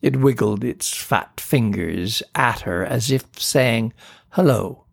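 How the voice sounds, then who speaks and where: A man reading a children's storybook aloud in a slow, steady manner. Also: medium pitch, vocal fry. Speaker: narrator.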